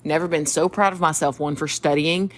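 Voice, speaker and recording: Low-voiced Southern woman telling stories. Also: brisk, a little hiss or hum. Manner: animated, laughs often, acts out quoted voices. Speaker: podcast co-host. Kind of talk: casual storytelling chat.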